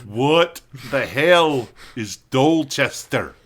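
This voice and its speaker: A man's voice: mid-range voice, lively intonation, very slow, fairly bright tone, a little hiss or hum, voice pushed up. A man voicing a stern, suspicious elven guard captain who questions travelers.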